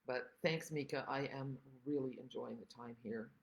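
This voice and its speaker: Older woman host, gravelly, chatty craft demonstrator on a casual livestream. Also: very deep voice, normal speed, highs cut off. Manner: chatty, rambling, greets viewers by name.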